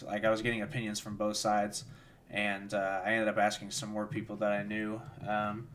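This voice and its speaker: A tired young man, yawning, hosts a watchalong stream, rambling casually with lots of fillers as he answers chat and commentates on games. His voice is fairly low in pitch with a fairly bright tone.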